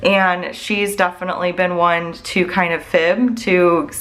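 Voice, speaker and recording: A woman with a somewhat low voice chats openly with her viewers as a mom and budget vlogger. Her talk wanders, full of "like" and "I don't know." She comes across as worried and unguarded. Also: level tone, a little slow, a bit bright. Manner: rambling, heavy use of "like" and "I don't know"; candid and worried. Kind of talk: casual chat to viewers.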